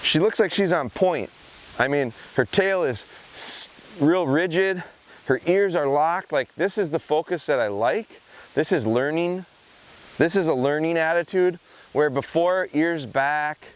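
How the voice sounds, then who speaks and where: A man training his gun dog in a field, explaining his approach to the camera in a casual, reflective way. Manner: talks to the camera, then calls to a dog in high, sing-song praise. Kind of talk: casual outdoor training commentary. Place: outdoors in a field.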